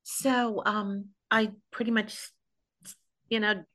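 A woman's voice: mid-range voice, flat delivery, slow pace, a bit bright. A woman from New York hosting a podcast, telling stories in casual chat and laughing often. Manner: chatty storyteller, laughs often. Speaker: podcast host.

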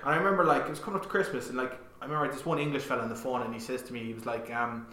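Give me a rapid, bright young Irish man telling a story in casual chat, peppered with swearing and "like". His voice is a bit higher than average, and the room has a noticeable echo. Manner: swears often, animated, lots of "like". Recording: roomy echo.

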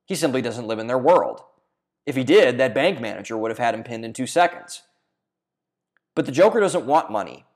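Man reading a scripted video essay. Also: mid-range voice. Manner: earnest reading with occasional stumbles and restarts.

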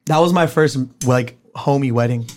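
A man's voice: mid-range voice, normal speed, a little mellow. A man hosting a casual podcast chat, playful and laughing as he steers the talk.

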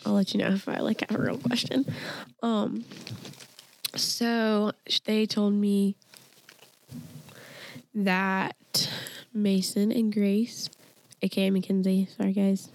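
A woman's voice: mid-range voice, little pitch movement, slow pace, pauses often, darkish tone. A young woman chatting casually and telling a long personal story, with plenty of fillers and restarts. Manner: rambling storytelling with many fillers. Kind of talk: casual chat.

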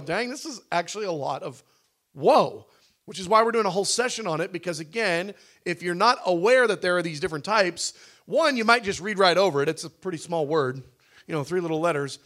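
A man teaching a Bible study session in a conversational way, acting out cries with sudden loud shouts. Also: sits high. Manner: conversational with fillers and restarts.

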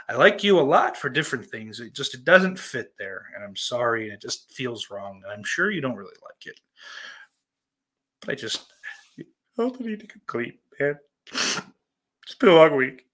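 A man hosting a podcast in casual live-stream chat, greeting viewers and rambling through profane, self-deprecating banter, with loud outbursts between muttered asides. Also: mid-range voice, sing-song, moderate pace. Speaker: podcast host.

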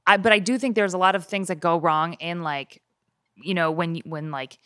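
Low-voiced woman telling stories, dry sound. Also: fairly even intonation, moderate pace, a bit bright, smooth, dry recording. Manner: chatty storyteller, playful, laughs easily. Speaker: guest. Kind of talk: casual chat.

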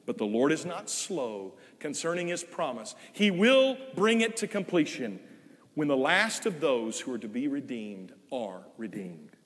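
An older man preaching a sermon, earnest, swinging from loud emphasis to soft, drawn-out phrases. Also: mid-range voice, animated, long reverb tail. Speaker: guest preacher. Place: church sanctuary.

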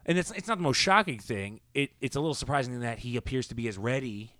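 A man in a casual sports podcast chat, voicing strong opinions in a rambling way. His voice sits in an ordinary middle pitch. The sound is close and dry, with no room around it. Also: expressive, fairly bright tone, no echo. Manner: opinionated, rambling, quick asides. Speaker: podcast co-host.

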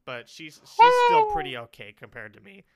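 A man's voice: on the high side, wildly swooping pitch, normal speed, highs cut off. Rambling young man telling a story. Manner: rambling, full of fillers and laughter. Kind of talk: casual storytelling.

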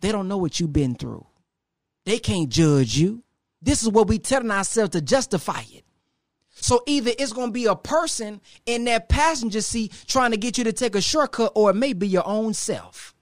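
Male motivational speaker, high voice, dry close mic, preacherly with dramatic pauses. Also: lively intonation, no room sound. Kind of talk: motivational talk to a live audience.

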